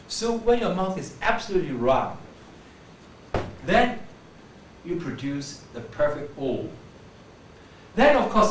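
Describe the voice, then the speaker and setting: A lively, slightly higher-pitched man demonstrates pronunciation to a class, drawing out vowels and lifting his questions. His voice carries through a very echoey classroom from some distance, with faint room ambience underneath. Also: measured pace, slight background noise. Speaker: pronunciation teacher.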